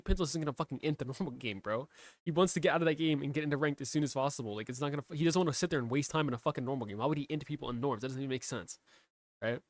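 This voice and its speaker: A man's voice: a little high, no echo. A man giving ranting gaming commentary in a profane, incredulous, rambling way. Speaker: video commentator.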